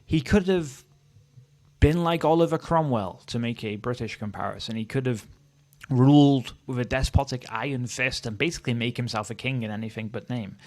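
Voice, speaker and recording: A Welsh man from Wales giving casual, opinionated commentary as the host of a history channel, thinking aloud as he goes. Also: medium pitch. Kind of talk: casual tier-list commentary.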